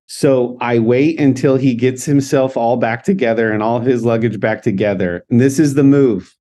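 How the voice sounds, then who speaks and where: A man's voice: medium pitch, moderate pace, warm tone. A man co-hosting a podcast, telling an anecdote in casual chat, laughing often and acting out the dialogue. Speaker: podcast co-host.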